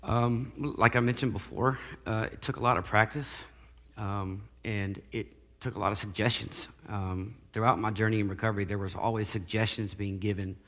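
A man giving a casual spoken testimony, halting and often repeating words as he goes. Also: fairly low pitch, fairly even intonation, fairly bright tone, long reverb tail. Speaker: guest sharing recovery testimony.

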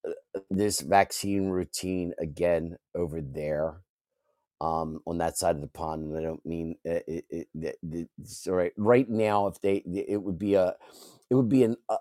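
A man speaks on a casual online panel in a mellow, warm voice. The recording is dry and close. He speaks haltingly, often repeating words and trailing off. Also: low voice, no room sound. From United States. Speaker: panel guest.

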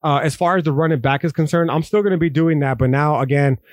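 A man's voice: a little high, fast talker, dry recording. A man hosting a podcast, talking in a profane, rambling, conversational way. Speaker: podcast host. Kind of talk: casual podcast monologue.

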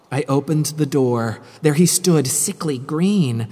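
A woman's voice: sits low, lively intonation, slow pace, hardly any pauses, mellow. A woman reading a rhyming spooky story with a dramatic, sing-song delivery. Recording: long hall-like reverb.

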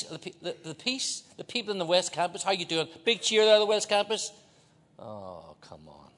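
An Irish man preaches a sermon as a guest in a large church, joking with the crowd and leading call-and-response. His voice is high and fairly bright, with long hall reverb on the recording.

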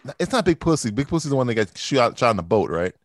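Fast-talking animated man chatting. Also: medium pitch, dry recording, clean studio sound. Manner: excitable, profane, animated. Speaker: podcast co-host. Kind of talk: casual chat.

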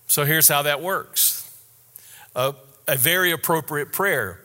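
A man preaches with a bright, forceful voice pitched a little high. He is earnest and candid and slows down to repeat his key points. His voice carries a long reverb through a church sanctuary. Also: big pitch swings. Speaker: pastor. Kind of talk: sermon.

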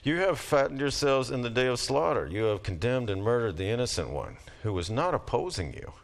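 A middle-aged man's mid-range, gravelly voice swings widely in pitch as he lectures briskly and casually. He alternates between everyday talk and emphatic readings of scripture, his emphasis rising through each passage.

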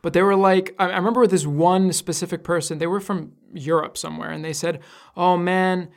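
A man from New York with a New York accent, a podcast co-host talking in a measured, laid-back way. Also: high voice, steady tone, gravelly. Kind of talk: casual chat.

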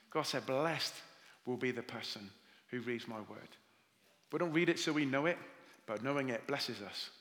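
Man, Welsh accent, pastor, sermon, storytelling, mid pitch, long hall echo. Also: moderate pace. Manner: warm storytelling with scripture readings.

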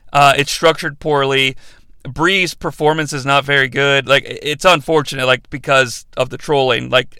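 Profane, animated male movie review host. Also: fairly high pitch, clean tone, no echo. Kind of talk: unscripted rant-style review.

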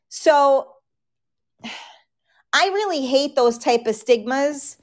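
Host: New York woman in her thirties, frank, chatty live-stream talk, unhurried delivery. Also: high voice, lively intonation. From New York, the Bronx. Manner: chatty, frank, reads and answers viewer comments. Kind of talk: casual live-stream chat.

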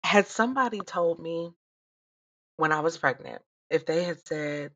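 A woman in her thirties chatting casually, animated and swearing freely as she vents and laughs. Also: low-pitched, unhurried, muffled recording. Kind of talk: casual profane chat.

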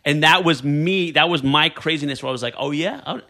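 Gravelly guy with a sharp bright tone, telling stories in a casual chat, laughs mid-sentence. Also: on the high side, fairly quick. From New York. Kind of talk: casual conversation.

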